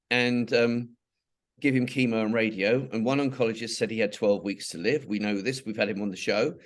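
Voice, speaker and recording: Older English man, chatty interview guest who wanders through anecdotes, mid-pitched voice. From England. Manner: rambling, many restarts and asides. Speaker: interviewee, charity founder. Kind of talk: conversational interview storytelling.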